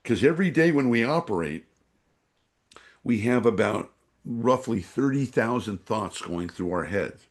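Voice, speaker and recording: A man's voice: mid-range voice, expressive, a little slow. A man from San Francisco, a podcast guest and energy awareness trainer, rambling with many fillers as he acts out voices in his stories. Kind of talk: podcast interview storytelling.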